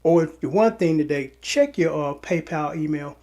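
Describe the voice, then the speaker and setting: A man's voice: fairly high pitch, moderate pace, mellow. A tired man running his own channel, talking straight to his buyers in a rambling way, repeating and restarting his words. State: tired from little sleep. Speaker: online seller and channel host. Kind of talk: casual direct-to-camera vlog.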